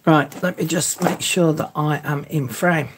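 A woman's voice: sits low, fairly even intonation, a little slow, heavy background noise. A woman hosting a casual craft tutorial livestream, chatting as she works and greeting viewers in the live chat by name.

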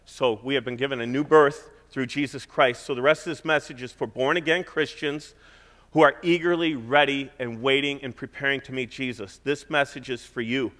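A middle-aged male pastor preaching a sermon in a church sanctuary, earnest and exhorting, sometimes dropping to a hushed, prayerful tone. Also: medium pitch, steady tone, normal speed. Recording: long reverb of a church hall.

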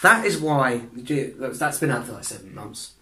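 A young man chatting casually as a reaction vlogger, rambling and trailing off, clearing his throat often. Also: medium pitch, expressive, a little slow, pushed and bright, echoey room. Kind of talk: casual rambling chat to camera.

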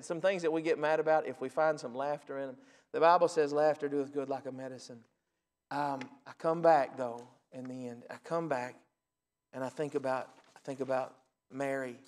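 A man in his forties, a pastor, preaching a sermon and telling stories in an animated, laughing way. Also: medium pitch. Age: 40s. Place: church sanctuary. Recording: reverberant church hall.

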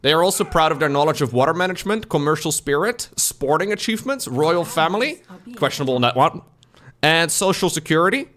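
A man's voice: fairly high pitch, lively intonation, brisk, fairly bright tone. A man from the Netherlands, a streamer joking sarcastically with his chat. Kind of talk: casual chat with viewers.

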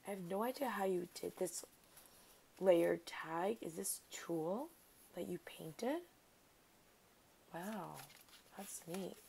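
A woman's voice: fairly low pitch, expressive, slow, creaky, long pauses, warm tone, slight background noise. A woman vlogger chatting casually while opening a craft mail package, gushing over each item and talking to the sender. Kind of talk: casual unboxing chat.

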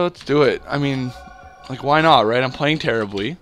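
A man's voice: medium pitch, moderate pace, fairly bright tone. A young man from Canada rambling through casual gameplay commentary, full of fillers and self-deprecating asides. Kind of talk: casual let's-play commentary.

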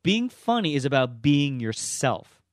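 A man's voice: medium pitch, very animated, measured pace, no room sound. Comedian man offering advice, emphatic, punctuates points with "okay?"; dry, close recording. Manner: emphatic, repeats "okay?" to drive points home. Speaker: stand-up comedian giving advice. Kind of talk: casual direct-to-camera advice talk.

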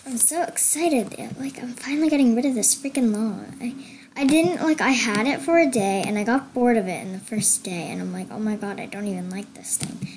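A young woman chatting excitedly through casual gameplay commentary, gushing and chatty. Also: fairly high pitch, fairly quick, a little hiss or hum. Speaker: gamer.

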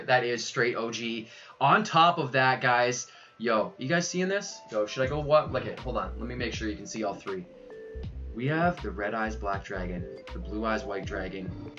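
A young man livestreaming a card unboxing, excitable and loud, saying yo over and over and laughing as he goes. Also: mid-range voice, muffled recording. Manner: hyped, keeps saying yo, yells and laughs. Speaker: streamer unboxing trading cards. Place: his room at home.

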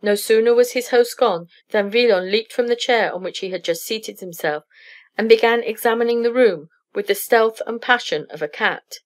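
A woman narrating a classic story aloud in a steady, clear reading for English learners. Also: a little high, normal speed.

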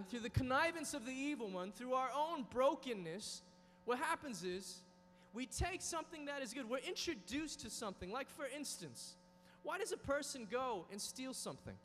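Lively male youth preacher with a high voice; large reverberant hall. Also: slight background noise. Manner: dynamic, acts out inner voices. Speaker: youth conference speaker. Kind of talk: sermon. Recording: reverberant hall with soft music.

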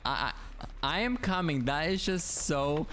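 A young adult streamer gives live gameplay commentary, excitable, often swearing and shrieking, laughing and taunting teammates. The voice is mid-range at a measured pace, with slight background noise and game music behind.

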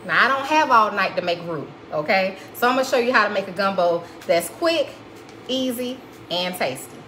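A woman's voice: medium pitch, animated, normal speed, bright, forceful tone, a little hiss or hum, poor audio. A woman hosting a live cooking demonstration in her kitchen, chatty and folksy, calling viewers honey and y'all. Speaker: cooking show host. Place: home kitchen.

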